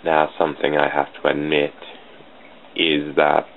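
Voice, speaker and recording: A man talks slowly through his drawing in a put-on voice that sits extremely low and grinds with gravel. He speaks in a mock-formal way. The sound is thin and phone-like, with a faint hiss behind it. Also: completely flat delivery. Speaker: channel host drawing sprites. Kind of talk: casual drawing commentary.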